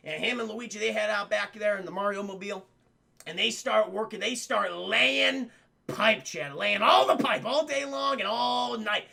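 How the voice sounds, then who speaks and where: A young man excitedly recapping a film for his live chat, swearing freely and acting out the characters' lines. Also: high voice, moderate pace, creaky. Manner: profane, animated, acts out characters' lines. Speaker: streamer reviewing a film.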